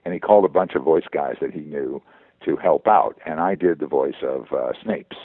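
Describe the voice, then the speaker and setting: A veteran voice actor talking in a phone interview, halting and repeating words as he goes. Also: very deep voice, vocal fry, no echo. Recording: tinny phone line.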